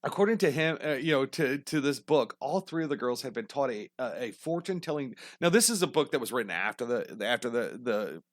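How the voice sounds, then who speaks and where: A man's voice: mid-range voice, expressive, brisk, hardly any pauses, no echo, clean studio sound. A man hosting a podcast, telling a history story casually with lots of swearing and jokey tangents. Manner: profane, rambling, jokey tangents. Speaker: podcast host.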